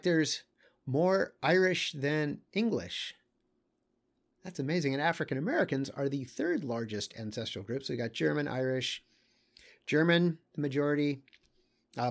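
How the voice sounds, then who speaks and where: A man, teaching casually and thinking aloud as he comments on maps, pausing often with fillers and small asides. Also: a little high.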